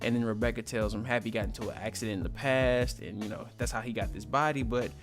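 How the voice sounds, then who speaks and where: A man's voice: medium pitch, steady tone, fast talker, over music. A man giving a casual, joking recap of a manga chapter, full of slang and asides.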